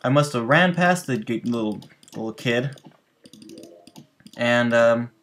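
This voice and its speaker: A man's voice: medium pitch, lively intonation, slow pace, a bit bright, a little hiss or hum. A man hosting a gaming channel, telling loose, rambling stories over gameplay and talking straight to his viewers. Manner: rambling, loose, full of restarts and asides to viewers. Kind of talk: casual storytelling over gameplay.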